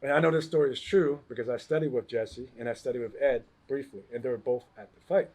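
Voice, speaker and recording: A man's voice: mid-range voice, quick pace, a little mellow. A martial arts instructor telling a story in a casual chat. He acts out the people in the story and laughs often.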